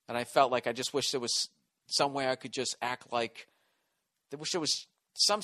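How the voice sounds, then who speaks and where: Profane, rambling male comic with a bright voice. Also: medium pitch. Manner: rambling, swears a lot, restarts sentences. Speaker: stand-up comedian. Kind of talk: casual profane storytelling.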